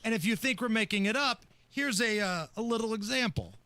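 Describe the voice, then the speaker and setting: A sarcastic male talk radio host with a fairly high, bright and forceful voice. He laughs often and sounds close and dry in a studio booth. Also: lively intonation, brisk, no room sound. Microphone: studio microphone.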